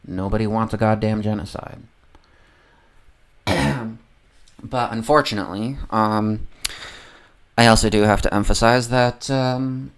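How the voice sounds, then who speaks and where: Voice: medium pitch, clean tone. A livestreamer ranting casually about politics, heavily profane and rambling, often losing the train of thought.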